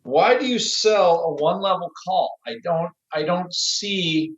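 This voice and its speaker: A high-pitched man co-hosting a casual podcast chat, rambling and laughing through his sentences. His line sounds roomy and echoey, with a dull, muffled tone. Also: unhurried. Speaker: podcast co-host.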